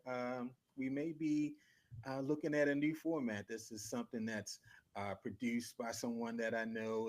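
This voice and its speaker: A middle-aged man, co-hosting a casual sports podcast and telling stories in a lively, slangy way with frequent laughs. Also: lowish voice. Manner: animated storyteller, laughs a lot, slangy. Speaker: podcast co-host. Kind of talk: casual chat.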